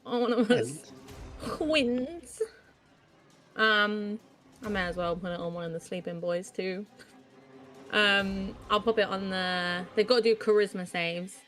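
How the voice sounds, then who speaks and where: A woman's voice: medium pitch, fairly even intonation, normal speed, pushed and bright, soft background music. A woman playing a tabletop game, thinking aloud about her turn and giggling often. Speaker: player.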